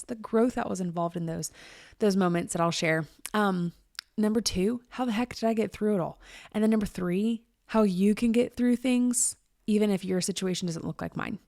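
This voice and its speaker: A woman in her thirties hosts her own podcast, speaking briskly in a warm, mid-range voice with studio-quality sound and no room echo. Her monologue is candid, chatty, and emphatic, and she laughs often.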